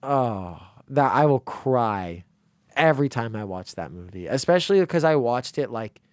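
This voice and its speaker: An excitable young man co-hosting a college radio show. He tells stories in a rambling, animated way, and his voice sits in a middle range. The studio sound is dry and close. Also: medium pitch, normal speed, no echo. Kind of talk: casual chat. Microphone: studio microphone.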